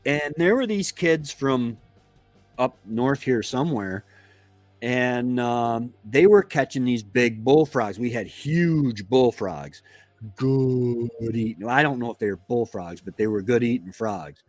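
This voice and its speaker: A man from Florida who hosts a homestead live stream, telling a casual story in a meandering, halting way. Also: mid-range voice, animated, a little mellow, dry recording, soft background music. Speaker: homestead channel host.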